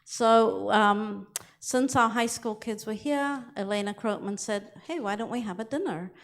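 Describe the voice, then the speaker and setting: Woman, friendly plain announcement, synagogue sanctuary, mid-pitched voice. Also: unhurried. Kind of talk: casual announcement.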